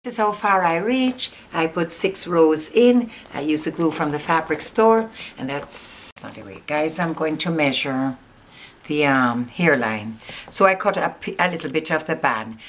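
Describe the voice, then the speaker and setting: A woman's voice: low voice, lively intonation, measured pace, slight background noise. A woman with a Jamaican accent, chatting casually to her viewers as she walks them through making a wig step by step. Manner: chatty, instructive, talks straight to the viewer. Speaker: hair vlogger.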